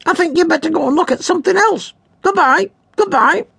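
Cartoonish greedy male parrot, crackly, shrill, dismissive. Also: fairly quick, gravelly, pushed and bright, dry recording, exaggerated voice. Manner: pushy, dismissive. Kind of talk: storybook character voice.

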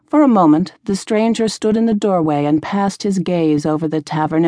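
A woman narrating a fantasy novel in a steady, measured reading. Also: lowish voice, dry recording, clean studio sound. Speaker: audiobook narrator. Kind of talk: scripted narration.

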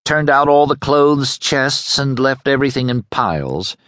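A man's voice: mid-range voice, expressive, measured pace, fairly bright tone, dry recording, studio quality, voice pushed up. A man voicing a determined young noblewoman in an audiobook, urgent and pleading. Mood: indignant. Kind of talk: audiobook character voice.

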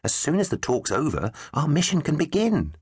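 Brisk female hadrosaur officer, voiced by a male narrator, hushed and quick, higher lifted voice. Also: huge pitch swings, husky, dry recording, studio quality, full character voice. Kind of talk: audiobook character voice.

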